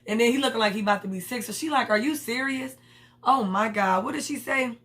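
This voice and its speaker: A woman's voice: on the high side, fast, fairly bright tone. Blunt, slangy woman reviewer. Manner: candid, slangy, blunt opinions. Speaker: TV show reviewer. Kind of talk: casual review vlog.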